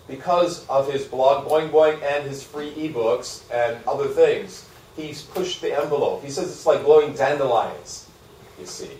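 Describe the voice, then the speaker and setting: A man giving a live university lecture, animated and asking his audience questions. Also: a little high. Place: lecture hall. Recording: echoey hall, speaker far from mic.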